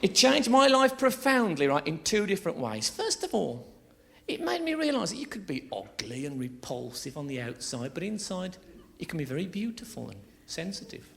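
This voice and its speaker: A man's voice: sits high, very animated, moderate pace, vocal fry. A man from England doing a chatty, crude live stand-up routine on a theatre stage, teasing the audience and laughing at his own jokes. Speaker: stand-up comedian.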